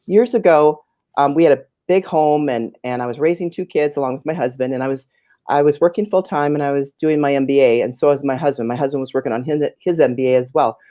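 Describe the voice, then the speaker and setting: Woman, fifties, interview guest, earnest, emotional, mellow tone. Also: deep voice, no room sound. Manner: emotional, earnest, repeats words. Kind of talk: personal storytelling in conversation.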